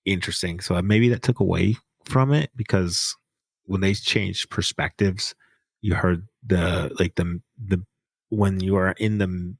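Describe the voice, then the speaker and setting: A man's voice: sits low, gravelly, breathy edge, no room sound. A man co-hosting a book podcast, chatting casually over a remote call mic, rambling and joking with many restarts. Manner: rambling, halting, joking storytelling. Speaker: podcast co-host, book reviewer. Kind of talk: casual chat.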